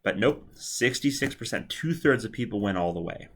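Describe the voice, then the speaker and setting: A man's voice: lowish voice, animated, normal speed, fairly bright tone. A man giving a recorded video lecture in a conversational way, often repeating himself and checking in with "all right.". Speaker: psychology lecturer.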